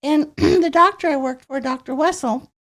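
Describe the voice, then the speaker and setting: A woman with a high, childlike voice, chatting as a guest in a studio interview and telling stories in an animated way. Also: normal speed. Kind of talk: casual interview chat.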